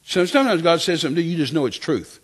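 An older man from West Texas, preaching and telling his testimony as a lively story, often repeating phrases. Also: fairly high pitch, very fast, slightly rough. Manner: animated storytelling, repeats phrases, acts out quotes. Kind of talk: sermon testimony.

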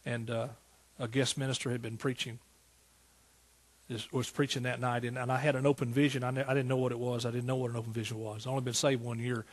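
A man's voice: mid-range voice, level tone, fast talker. A man, a pastor preaching a sermon in a folksy, storytelling way that rises to emphatic praise. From East Texas.

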